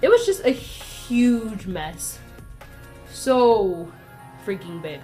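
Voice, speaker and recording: A young woman vlogger casually telling a story, chatty and animated, acting out the lines of the people in it. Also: medium pitch, drawn-out words. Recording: faint music playing behind.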